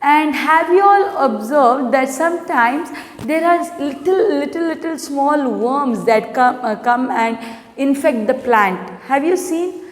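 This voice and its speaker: A woman's voice: sits high, expressive. A woman teacher giving an online lesson, asking her class questions. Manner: asks the class many questions, slow and clear. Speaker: primary school English teacher. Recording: echoey room with long reverb.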